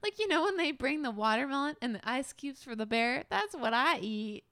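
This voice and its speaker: A woman's voice: high-pitched, lively intonation, fairly quick, bright, forceful tone, no echo, studio quality, voice pushed up, full character voice. A woman playing a sulky young actress being sarcastic on a talk show. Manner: sarcastic, giggly.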